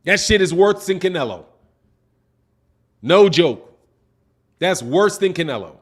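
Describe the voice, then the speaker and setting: Boxing talk-show host, male, pitched high for a man, exasperated casual livestream ranter. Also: big pitch swings, measured pace, husky. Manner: exasperated, ranting, peppers sentences with "man". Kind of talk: casual livestream commentary answering chat.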